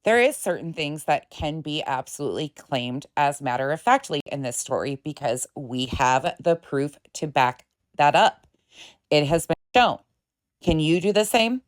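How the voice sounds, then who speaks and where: A woman's voice: deep voice, animated, unhurried. A woman hosting a reaction commentary, exasperated and sarcastic as she picks apart claims. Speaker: commentary channel host.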